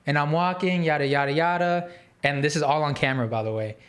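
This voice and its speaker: Man, somewhat high-pitched, casual storytelling, rambling and animated. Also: quick pace. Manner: animated, rambling with fillers and restarts. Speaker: podcast host.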